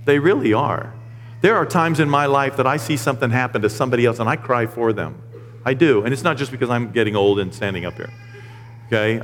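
A man's voice: on the low side, big-room sound, slight background noise. A middle-aged man preaching a sermon in a church, earnest and emotional, talking conversationally with acted asides. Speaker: pastor. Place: church sanctuary.

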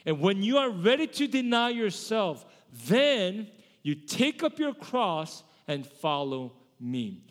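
A man's voice: high-pitched, very animated, slow pace, big-room sound. A male pastor giving a sermon in a conversational way, often correcting himself mid-sentence. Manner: conversational preaching with self-corrections.

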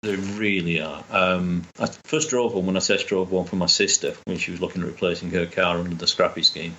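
Low-voiced, bright man. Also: steady tone, fairly quick, highs cut off, a little hiss or hum. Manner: enthusiastic, rambling with restarts. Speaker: guest. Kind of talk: casual chat.

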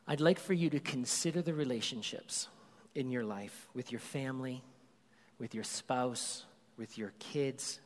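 Dad pastor preaching in a reverberant hall. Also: male voice, mid-range voice. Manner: conversational storytelling, animated when excited. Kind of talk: sermon. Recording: long reverb of a large hall.

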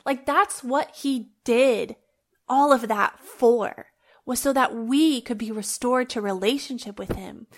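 A woman's voice: a little high, slow. A woman hosting a faith-based podcast, talking in an earnest, heartfelt, conversational way and recording at home on her phone. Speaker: podcast host.

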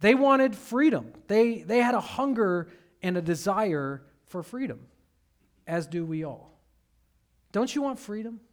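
A man's voice: high-pitched, expressive, a little slow. A man from Detroit, Michigan, preaching a sermon as a pastor in a conversational storytelling way with humorous asides.

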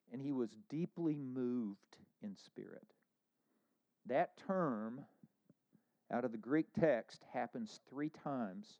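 A man preaching a sermon as pastor, earnest, moving between hushed lines and emphatic ones. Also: mid-range voice, lo-fi sound.

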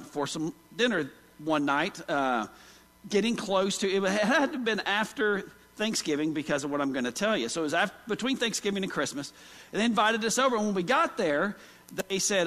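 A man preaches a sermon in a church sanctuary, telling folksy stories and tossing questions to the congregation. His voice sits high for a man, and the sound carries a long hall reverb. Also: fairly bright tone. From Oklahoma. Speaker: pastor.

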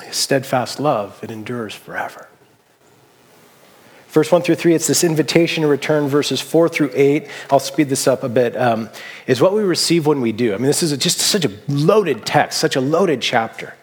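Pastor from the Seattle area, medium-pitched man, preaching in a loose, storytelling way. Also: expressive, normal speed, slightly rough, long reverb tail. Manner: casual, anecdotal storytelling with fillers. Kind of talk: conversational sermon.

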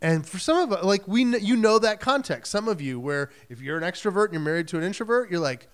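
A pastor from Michigan giving a sermon in a conversational way, acting out quoted voices and often saying "like" and "right?". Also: male voice, high-pitched, expressive, fairly quick, clear, resonant tone.

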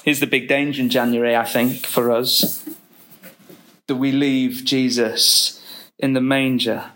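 A man preaching a sermon, reading scripture and reflecting slowly and deliberately. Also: medium pitch, little pitch movement, noisy background.

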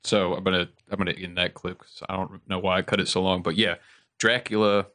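A laid-back male podcast host with a low voice and a flat, even intonation. He talks casually, with lots of fillers and little chuckles. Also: quick pace, soft background music.

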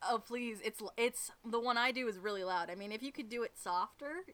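A woman's voice: on the high side, brisk, fairly bright tone. A woman from the northern United States co-hosting a casual chat podcast, giggly and full of fillers. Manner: giggly, lots of fillers and laughter. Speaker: podcast co-host. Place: outdoors behind a garage.

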